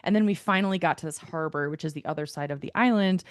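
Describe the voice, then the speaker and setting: A woman co-hosting a podcast, telling a story in a lively, casual way, full of "like" and the odd swear. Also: low-pitched, fast, dry recording, clean studio sound. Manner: animated storytelling, filler-heavy, swears. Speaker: podcast co-host. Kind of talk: casual chat.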